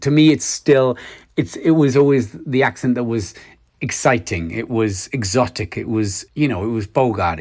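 A middle-aged Welsh man, an actor, giving reflective interview answers with many restarts. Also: medium pitch. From Wales. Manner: halting, many restarts, soft laughs.

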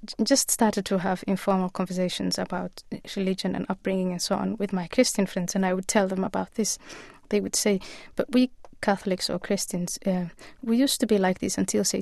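A woman guest in a radio interview, speaking earnestly and in a measured way with frequent pauses. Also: medium pitch, fairly even intonation, vocal fry, a little mellow, no echo, clean studio sound. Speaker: author and guest.

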